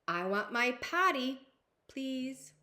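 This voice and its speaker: A woman voicing a sassy, demanding little girl princess in a storybook read-aloud, with a whiny, drawn-out delivery. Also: medium pitch, lively intonation.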